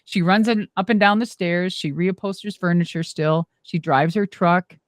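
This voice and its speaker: A middle-aged woman, a former wrestler and monster truck driver, telling stories in an animated, exclamatory way as an interview guest. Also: on the low side, normal speed, dry recording, studio quality. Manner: animated, exclamatory, acts out quoted dialogue. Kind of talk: casual storytelling interview.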